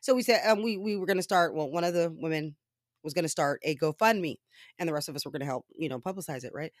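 A woman telling a story in casual commentary style, animated and often laughing, with profane asides. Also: low-pitched, quick pace, dry recording, clean studio sound.

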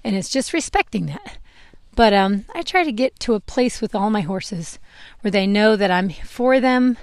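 Out with her horse, a young adult woman who vlogs about it talks casually during grooming at a normal speed, her mid-range voice full of lively intonation. She drifts a little and laughs off her slip-ups, recorded on a clip-on mic with clean, echo-free studio sound.

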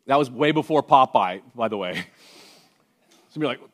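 Pastor preaching, hushed to emphatic. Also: male voice, mid-range voice, animated, moderate pace. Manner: swings from hushed and intimate to loud and emphatic; conversational, joking asides to the congregation. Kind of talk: sermon.

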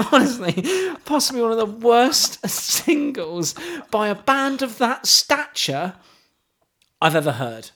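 Male co-host, scornful and jokey, very expressive delivery. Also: extremely high pitch, slow. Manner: mocking, laughs often, reads lyrics aloud with scorn. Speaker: podcast co-host. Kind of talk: casual chat.

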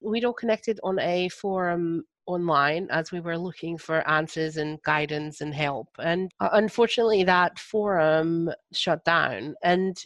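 A woman's voice: fairly low pitch, measured pace, few pauses, no echo. A Scottish woman with a slight cold, talking casually in an interview, chatty and full of small hesitations. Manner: chatty, hesitant with frequent ums and restarts. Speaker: podcast host and interviewee.

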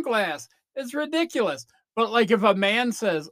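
A man's voice: high voice, sing-song, moderate pace, a bit bright, no room sound, clean studio sound. Rambling comic man ranting on a podcast. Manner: rambling, self-interrupting rant with mock voices. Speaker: podcast host. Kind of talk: comedic monologue.

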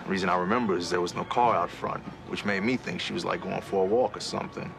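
An offhand neighbor witness. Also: male voice, sits low, fast, gravelly. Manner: offhand, rambling. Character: casual male neighbor witness.

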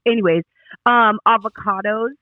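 A man's voice: high voice, normal speed, no echo. A man in casual chat listing tips one by one, tripping over long words, heard on a phone-like line. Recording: dry tinny phone-like line.

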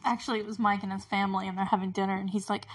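A woman's voice: mid-range voice, level tone, very fast. Woman, podcast host, casual recap, rambling, laughs a lot. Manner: rambling, full of fillers and frequent laughs.

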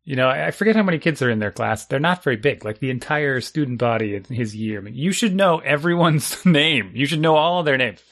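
A man's voice: medium pitch, expressive, a little fast, hardly any pauses, a bit bright. A man chatting casually, telling wry, self-deprecating stories about parenting. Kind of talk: casual chat.

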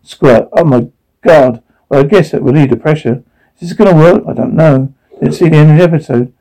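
A man reading out a drama's dialogue along with its sound cues, in one even voice. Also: a little high, fairly quick, low-quality recording.

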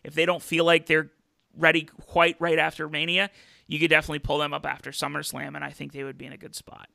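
Host type: bright, crisp male voice with gravelly fry, casual wrestling chat, dry close mic. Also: a little high, monotone, fast talker, no echo. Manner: chatty, with many fillers and restarts. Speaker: podcast host.

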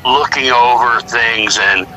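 A middle-aged male musician talking casually in an interview, animated and blunt, acting out what others said. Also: medium pitch, takes it slowly, poor audio. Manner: animated storyteller, acts out quotes, swears freely. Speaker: musician guest.

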